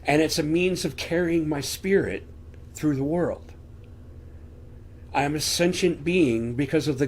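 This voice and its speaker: Speaking at a fairly high pitch, with a little hiss or hum in the audio, a man gives a sincere, chatty Bible teaching from a room in his house. He raises rhetorical questions into a desk microphone shown on camera.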